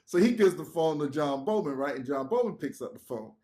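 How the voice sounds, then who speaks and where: A man tells a work story as a podcast guest, his voice sitting a little high. He is animated, acts out what others said, laughs and swears. The talk is loose and conversational. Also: brisk. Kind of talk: casual storytelling.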